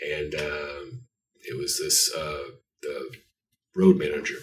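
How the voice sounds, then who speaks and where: A man's voice: a bass voice, completely flat delivery, slow, distant mic. A man being interviewed about his art, telling stories in a rambling, self-deprecating way with lots of fillers. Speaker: artist guest. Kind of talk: casual interview chat.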